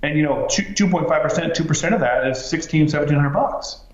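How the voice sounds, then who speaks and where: A man telling his story as a podcast guest, animated, with lots of fillers and restarts. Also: fairly high pitch, fast. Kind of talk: casual storytelling interview. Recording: roomy, slightly dull sound.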